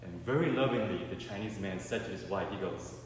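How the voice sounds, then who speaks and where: A man performing a stand-up comedy set, telling stories in an animated way and acting out the people in them. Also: low-pitched, fairly quick. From Canada. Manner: animated storytelling with acted quotes. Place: art gallery event space with a live audience. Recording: echoey hall with long reverb and clear background noise.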